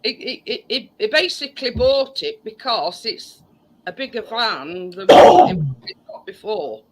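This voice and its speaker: A hoarse woman with a Yorkshire accent, hosting a casual live-stream chat over a video call and often stumbling over and repeating her words. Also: a little high, very animated, unhurried, rough recording.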